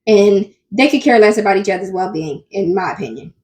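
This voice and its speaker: A woman's voice: mid-range voice, expressive, a little fast, darkish tone. A woman hosting a commentary channel, chatting casually and talking straight to her viewers. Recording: echoey room with faint music.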